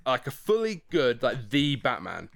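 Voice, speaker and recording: A man co-hosting a podcast, chatting casually and dropping dry, deadpan quips. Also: medium pitch, measured pace, creaky. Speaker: podcast co-host. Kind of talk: casual chat.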